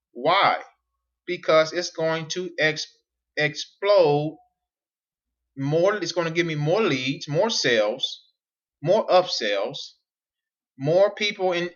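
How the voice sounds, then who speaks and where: Male business coach, slightly high voice, drives points home with rhetorical questions. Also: a bit bright, muffled recording. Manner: repetitive, emphatic, asks rhetorical questions. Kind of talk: whiteboard teaching monologue.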